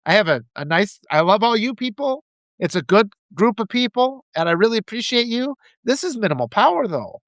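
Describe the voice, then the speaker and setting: Man, passionate political monologue, animated delivery, dry sound. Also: high-pitched, brisk, dry recording. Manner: passionate, ranting, quotes opponents in mocking voices. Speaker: political commentator.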